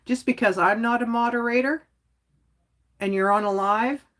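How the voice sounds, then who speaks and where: Speaking at a moderate pace in a slightly high, steady, somewhat bright voice, a woman hosts her own livestream. Her talk is blunt and meandering, heavy on "like," with chuckles sprinkled throughout.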